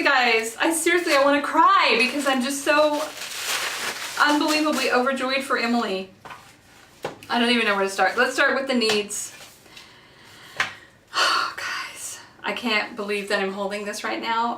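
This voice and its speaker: A woman in her thirties who has children, excitedly unboxing makeup in a casual vlog recorded in her bathroom, gushing with lots of fillers. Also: a little high, unhurried, pauses often, background noise. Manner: giddy and gushing, with many fillers. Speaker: beauty vlogger. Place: home bathroom. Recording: echoey bathroom, mic a bit far off.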